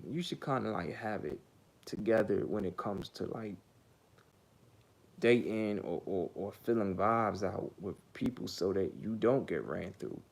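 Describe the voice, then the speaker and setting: A man's voice: on the low side, measured pace, vocal fry, a little hiss or hum. A man telling a casual story in a blunt, profane, rambling way, full of fillers. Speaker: vlogger.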